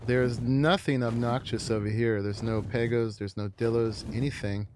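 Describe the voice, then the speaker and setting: A man casually commenting on a game he is playing live, relaxed and rambling. He chuckles often and loses his train of thought mid-sentence. A faint hiss sits under his voice. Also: medium pitch, normal speed. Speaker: game streamer.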